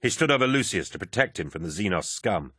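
A male narrator with a lowish voice reads a battle-heavy science fiction audiobook. His delivery is dramatic and lively, swooping through a wide pitch range, recorded dry and close with no room sound. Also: fast talker, husky, no echo. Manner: dramatic, vivid action reading.

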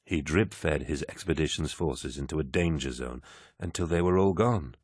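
A man voicing a calm, commanding male warlord in an audiobook who speaks slowly and softly. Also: a bass voice, husky, no room sound, studio quality. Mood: calm authority. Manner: slow, soft and measured.

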